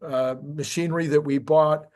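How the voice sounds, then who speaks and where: A man's voice: a little high, steady tone, moderate pace, a little mellow. A man co-hosting a casual tech discussion, enthusiastic and rambling, with frequent restarts. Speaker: podcast co-host.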